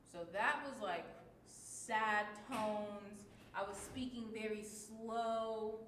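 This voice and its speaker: A woman with a high voice teaches children at an unhurried pace. She talks patiently and keeps checking in with her listeners. The room is echoey, with faint noise behind her. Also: steady tone, fairly bright tone. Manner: clear, patient teacher talk with many check-ins. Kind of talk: children's lesson video.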